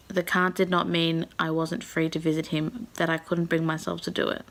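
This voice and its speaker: A woman's voice: low voice, flat delivery, normal speed, hardly any pauses. A woman book vlogger reading a novel aloud and giving her emotional reactions, sighing and dropping to a half-whisper at times.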